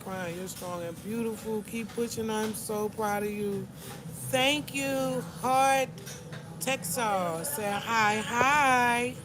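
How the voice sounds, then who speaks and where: A woman's voice: on the high side, slow pace. A middle-aged woman, talking candidly and emotionally to her live-stream viewers in a corner store. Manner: candid, emotional, talks to chat and shop staff. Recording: noisy store with traffic.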